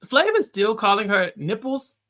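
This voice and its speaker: A young man hosting a casual recap chat, relaxed and halting, with restarts and fillers. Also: sits high. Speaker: podcast host.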